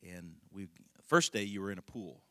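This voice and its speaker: Middle aged pastor guy rambling through a story, laughs a lot, bright forceful voice. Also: low-pitched, normal speed, no echo. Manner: rambling, folksy storytelling with frequent laughs and restarts. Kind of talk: conversational sermon.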